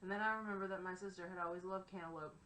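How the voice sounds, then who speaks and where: A woman's voice: fairly low pitch, steady tone, very fast, a bit bright. A woman narrating a first-person novel in a wry, conversational way. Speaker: audiobook narrator. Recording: roomy echo, faint background hiss.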